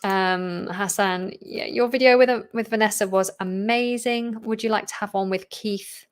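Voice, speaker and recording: A woman speaks at a medium pitch and normal speed, her tone steady and clean. She's an English teacher who hosts a channel, answering viewer questions in a chatty live Q&A, laughing often and sounding a little tired.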